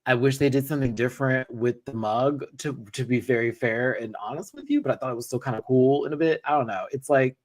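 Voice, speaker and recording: A man's voice: medium pitch, a little fast, few pauses. A man from Texas hosting a casual live review, chatty, giggly and playful. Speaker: host.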